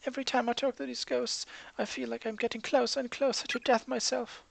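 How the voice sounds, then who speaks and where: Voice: mid-range voice, a little fast, gravelly, voice pushed up, poor audio. A game reader voicing a frightened, homesick teenage schoolgirl in a pleading, shaken way. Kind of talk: reading game dialogue aloud. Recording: steady background hiss.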